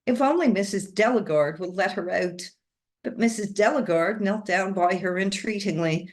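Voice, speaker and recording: A woman reading a chapter of a novel aloud, with steady, expressive storytelling. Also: mid-range voice, normal speed. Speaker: reader.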